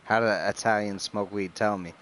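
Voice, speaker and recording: Young male host, easygoing, slightly low voice. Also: steady tone, moderate pace, fairly bright tone, slight background noise. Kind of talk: casual chat among friends.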